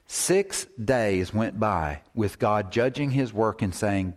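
A man's voice: lowish voice, animated, slow, few pauses. A man preaching a sermon, repeating phrases for emphasis and at times dropping to a whisper.

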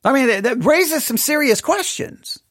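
A man's voice: very high-pitched, lively intonation, moderate pace, a bit bright, no echo, clean studio sound. A man teaching a Bible study class, thinking aloud and asking many rhetorical questions.

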